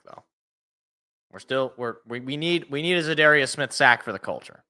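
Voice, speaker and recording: A young man with a fairly high, sharp voice hosts a live sports reaction, very animated and brisk. He's chatty and rambling, mixing casual talk with his own play-by-play calls and often restarting sentences mid-way.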